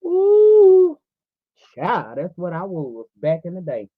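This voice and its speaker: A woman's voice: low voice, expressive, normal speed, breathy edge, no echo. A woman in her forties hosting a livestream, preaching fervently and speaking straight to her viewers. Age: 40s. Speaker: livestream host. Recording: tinny phone-like audio, dry.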